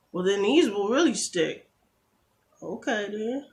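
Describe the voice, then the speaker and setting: A woman's voice: medium pitch, expressive. A woman beauty vlogger chatting casually through a nail tutorial, joking and getting exasperated, recorded on a camera phone. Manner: chatty, quick to get exasperated, jokey asides.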